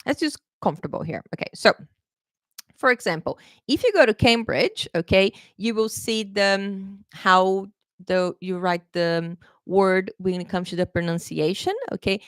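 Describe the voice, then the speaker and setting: A woman's voice: mid-range voice, normal speed, a bit bright, no room sound. A woman who grew up speaking runs a live online pronunciation lesson. She talks in a chatty, informal way, stops to check in with "okay?" and corrects herself as she goes. Her voice sits in an ordinary middle range and sounds close and dry. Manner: chatty, repeats "okay?" often, self-correcting. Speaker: English pronunciation teacher.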